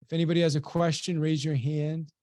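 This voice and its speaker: Animated man telling a motivational story. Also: on the high side, brisk, no echo, clean studio sound. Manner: animated storyteller who acts out quoted dialogue. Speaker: sales trainer presenting a webinar.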